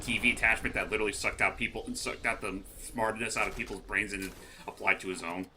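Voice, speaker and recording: Wisecracking low-voiced man, noisy recording. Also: fairly even intonation, quick pace, bright, forceful tone. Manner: sarcastic, wisecracking. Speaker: co-commentator. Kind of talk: casual gaming commentary.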